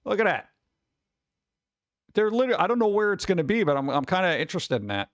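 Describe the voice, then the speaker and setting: A man with a slightly high voice hosts a loose livestream chat, rambling and grumbling as he talks to viewers. His mic is close and dry, with little room sound around it. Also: sing-song, quick pace, pauses often, dry recording. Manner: rambling, exclaims and grumbles at tech trouble. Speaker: livestream host. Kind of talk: casual live-stream chat.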